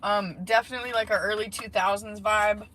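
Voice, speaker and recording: A woman reads tarot in a parked car, talking fairly quickly in a steady, mid-range voice. Her casual reading wanders with many fillers and asides, and faint background noise can be heard.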